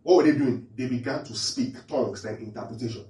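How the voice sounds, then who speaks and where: A pastor with a medium-pitched, dark voice speaks a little fast as he teaches scripture, frequently quizzing the audience with questions he repeats. It's an interactive sermon recorded at a distance in a room with echo.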